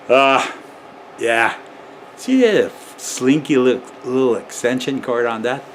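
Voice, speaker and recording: A man's voice: medium pitch, animated, slow pace, a bit bright, a little hiss or hum. A man who works as an electrician, rambling and chuckling often as he explains heater safety in a casual how-to vlog. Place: garage.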